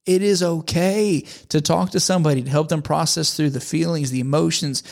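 A man's voice: a little high, fairly quick, gravelly, a little mellow. A man in his thirties preaching in a conversational, earnest way, often repeating phrases for emphasis. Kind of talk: sermon.

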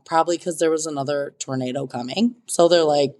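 A woman telling a casual storytime monologue in an animated, dramatic way, swearing freely. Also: low voice, fairly quick, few pauses.

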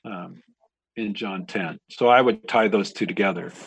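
A man, a pastor, talking through a Bible passage in a reflective, measured way with frequent pauses. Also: lowish voice, gravelly, husky, dry recording. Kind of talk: conversational Bible discussion.

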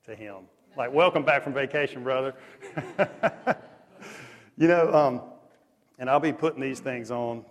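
Animated preacher in an echoing hall. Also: male voice, on the high side. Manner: animated, conversational storytelling with lively swings in loudness. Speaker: pastor. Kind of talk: sermon. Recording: long echo of a large hall.

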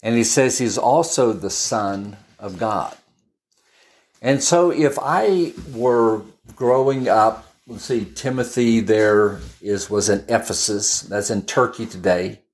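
A man's voice: lowish voice, slow. A man preaching in a chatty, storytelling way, often restarting and adding asides as he explains a Bible passage. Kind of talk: conversational Bible teaching.

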